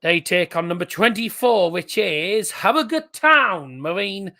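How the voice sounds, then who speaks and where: A man hosts a live stream, reading out cup ties one after another and answering the chat between them. His voice sits a little high and sounds bright and forceful, with a casual, conversational delivery. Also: lively intonation, unhurried. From England. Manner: chatty, reads out fixtures and answers live chat. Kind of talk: live draw commentary.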